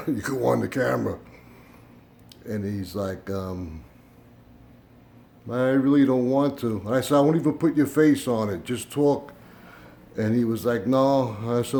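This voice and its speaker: An older man with a fairly low voice talks to his camera at home, rambling through a story with plenty of "uh"s and "um"s. He acts out both sides of a conversation, and a faint hum sits under the recording. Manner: meandering storytelling with fillers, voice rising into animated retelling. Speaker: YouTube channel host. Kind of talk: casual rambling monologue to camera.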